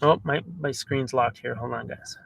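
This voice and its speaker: A Canadian man hosting a casual livestream from inside a camper van, chatty and loose, with frequent fillers and quick apologies. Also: medium pitch, fairly even intonation, vocal fry, fairly bright tone. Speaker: livestream host.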